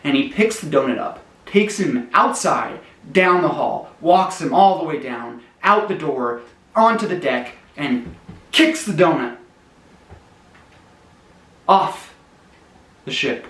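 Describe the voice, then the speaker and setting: A man telling a long, absurd joke story in a deadpan, mock-tragic way, sometimes trailing off quietly. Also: fairly high pitch, slow, long pauses, roomy sound, poor audio. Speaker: comedy storyteller.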